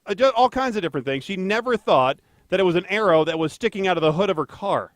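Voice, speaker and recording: A man with a somewhat high voice hosts a casual podcast, rambling through stories with filler words and self-deprecating jokes. The sound is dry and close, with little room around it. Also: animated, fast, no room sound. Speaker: podcast co-host, traffic anchor.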